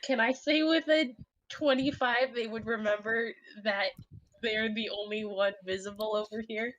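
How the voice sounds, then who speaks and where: Slightly high woman player, dull dry mic. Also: fairly even intonation, normal speed, a bit bright, dry recording. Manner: hesitant, chatty, self-correcting. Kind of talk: playing a tabletop game.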